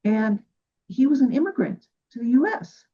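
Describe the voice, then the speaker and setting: A woman's voice: a little high, big pitch swings, moderate pace. A woman from Cuba hosting a radio interview, telling heartfelt stories in a casual, earnest way. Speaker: radio show host. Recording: dull lo-fi recording.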